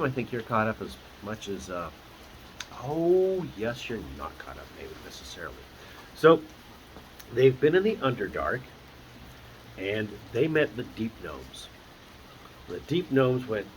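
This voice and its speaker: A man's voice: medium pitch, rough recording. Dm guy chatting about his game, voice bouncing all over, lots of little asides, faint hum behind. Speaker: dungeon master. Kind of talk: casual campaign recap vlog.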